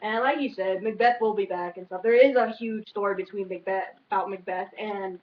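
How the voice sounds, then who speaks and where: A woman's voice: medium pitch, steady tone, brisk. A young woman co-hosting a casual vlog chat, hesitant and trailing off with filler phrases. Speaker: vlog co-host. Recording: dull lo-fi sound with faint noise.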